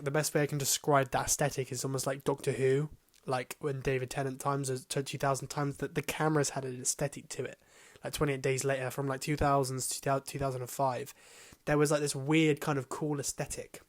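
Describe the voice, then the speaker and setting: A man's voice: medium pitch, little pitch movement, fast talker. A man gives a casual, rambling film review, full of hesitations and casual swearing.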